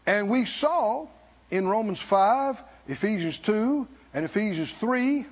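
A man preaching a sermon at a conference, emphatic and sometimes shouting, calling out to the congregation, in a dull lo-fi recording. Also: high-pitched, animated, slow. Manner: emphatic, shouting at peaks, laughing, call-and-response.

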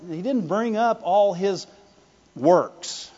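A male preacher giving an animated sermon, swinging between loud declarations and hushed asides, often laughing and calling for the congregation's response. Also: sits high, measured pace. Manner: laughs often, calls for "Amen" and "Right". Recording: dull lo-fi sound with long hall reverb.

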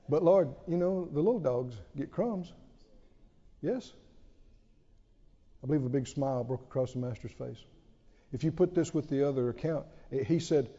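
A man preaching a sermon in an animated, storytelling way, often chuckling. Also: on the high side, normal speed, pauses often, in a large hall, highs cut off.

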